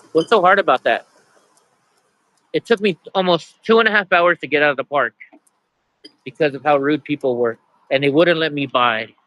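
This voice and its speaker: A man's voice: fairly high pitch, pushed and bright, dry recording, low-quality recording. A man telling a story in a casual vlog, exasperated, repeating himself as he complains. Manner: exasperated, repeats himself, quotes others in his own voice. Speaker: vlogger.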